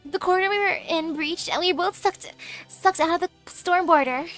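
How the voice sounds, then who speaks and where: A woman doing a gushing, high young companion. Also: moderate pace, fairly bright tone, faint music behind. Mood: relieved, excited. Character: excitable young woman companion, earnest and caring. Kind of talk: reading game dialogue aloud.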